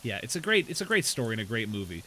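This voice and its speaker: A man's voice: medium pitch, big pitch swings, rapid-fire, sharp tone, rough recording. Guy streamer rambling on casually while playing, mid voice, bit of faint noise. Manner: chatty, rambling explainer. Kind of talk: casual chat while gaming.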